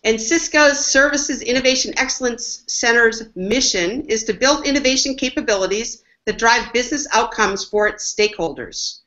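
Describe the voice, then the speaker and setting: A woman hosts an online business panel, giving upbeat, enthusiastic introductions. Her voice sits fairly high. The audio is muffled and lo-fi, like a webinar stream. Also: normal speed, few pauses, pushed and bright. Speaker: webinar host, marketing executive.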